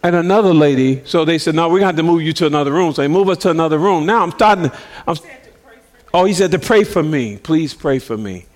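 A man's voice: a little high, fast talker. A middle-aged man preaching, telling a story and acting out the voices of the people in it, laughing as he goes. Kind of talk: sermon storytelling.

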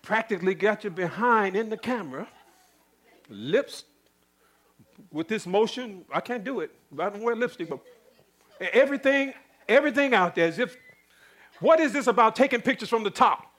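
A male preacher delivering a sermon, firing rhetorical questions at the congregation, chuckling and swinging between loud and hushed. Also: high-pitched, animated, moderate pace, long pauses.

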